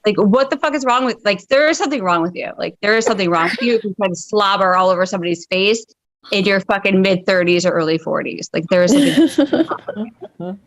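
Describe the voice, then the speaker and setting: Over a video call, a thirty-something comedian rants through a profane stand-up bit, blunt and exasperated, filling each line with fillers and constant swearing. Her medium-pitched voice is quick and fairly bright, captured in a low-quality recording without room sound.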